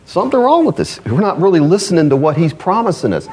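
A man's voice: a little high, very animated, fast talker, a little mellow, a little hiss or hum. A man preaching a sermon in a folksy way, laughing and asking rhetorical questions. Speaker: pastor. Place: church.

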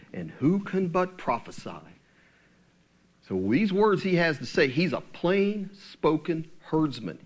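A man preaching a conversational sermon, asking his listeners questions and slowing down into a low, solemn tone when he reads scripture. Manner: drops to a low, slow tone for scripture.

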